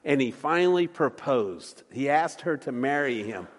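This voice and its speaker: A man's voice: medium pitch, lively intonation, moderate pace, big-room sound. A man preaching a sermon, folksy and joking, often stammering and repeating words as he talks. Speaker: pastor. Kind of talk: sermon with jokes. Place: church sanctuary.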